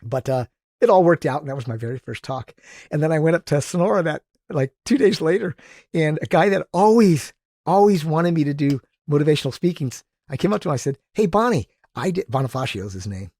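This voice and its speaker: A male motivational speaker telling animated stories as a podcast guest, acting out the people he quotes. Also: fairly high pitch, fairly quick, no echo, clean studio sound. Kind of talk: casual storytelling.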